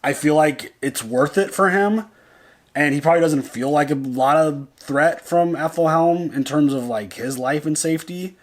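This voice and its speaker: Co-hosting a reaction video, this man speaks at normal speed in a fairly high voice. His talk is casual, loose and full of swearing, with lots of "like" and "dude" as he thinks aloud and keeps restarting sentences.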